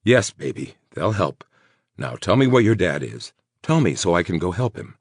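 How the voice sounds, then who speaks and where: A man's voice: sits low, sing-song, moderate pace, vocal fry, slightly rough, no echo, studio quality, exaggerated voice. A man voicing a protective, tough man in an audiobook, coaxing and urgent, swearing when angry. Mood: soothing. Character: protective tough man, tender to his girlfriend.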